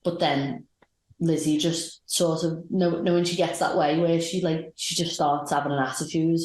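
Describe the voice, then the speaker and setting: A woman's voice: low-pitched, fairly even intonation, moderate pace, a little mellow. A woman co-hosting a podcast, recapping matches in a rambling, enthusiastic chat. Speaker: podcast co-host. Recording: roomy echoey sound.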